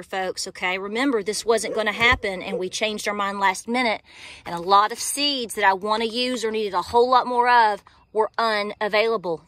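A woman with a slightly high, somewhat bright voice hosts a homestead vlog, chatting casually and folksily straight to her viewers while she works outdoors in a garden.

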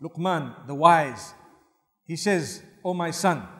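A male Islamic preacher giving a sermon lecture, earnest and humorous, swinging between loud emphasis and soft asides. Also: a little high, animated, takes it slowly. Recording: long hall reverb.

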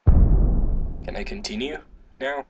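A man giving casual gameplay commentary, excitable, swearing, humming to himself and breaking into sudden high yelps. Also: takes it slowly, lo-fi sound, slight background noise. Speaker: gaming video host.

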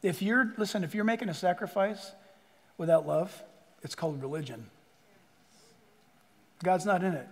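An older man preaching a sermon, swinging between loud bursts and hushed asides and joking with the crowd. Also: sits high, normal speed, pauses often, big-room sound. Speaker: pastor.

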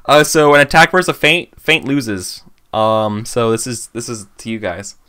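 Bright-voiced man running a tabletop game. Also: medium pitch, smooth. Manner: casual, swears freely, quick asides. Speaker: game master.

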